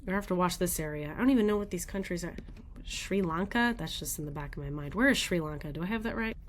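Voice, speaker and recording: A woman's voice: lowish voice, fast talker, a little hiss or hum. A woman hosting a daily weather radar show, thinking aloud in casual, rambling commentary as she looks at the maps.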